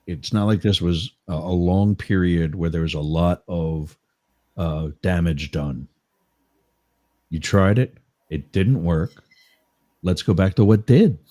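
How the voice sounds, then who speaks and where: A man's voice: deep voice, slow pace, long pauses, warm tone. A man co-hosting a casual podcast chat, speaking in a supportive, reflective way. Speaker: co-host.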